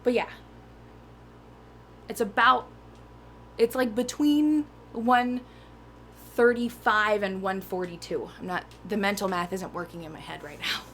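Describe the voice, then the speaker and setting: A woman's voice: medium pitch, measured pace, long pauses, noisy background. A woman in her thirties hosting a live music stream, chatting casually between songs in a rambling, self-mocking way. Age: 30s. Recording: loud ukulele music behind the voice.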